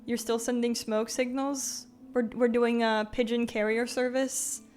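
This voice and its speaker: A woman's voice: on the high side, little pitch movement, measured pace, darkish tone, soft background music. A young woman live-streaming, chatting casually with her viewers, with lots of "like" and "um", frequent giggles and greetings to chatters by name.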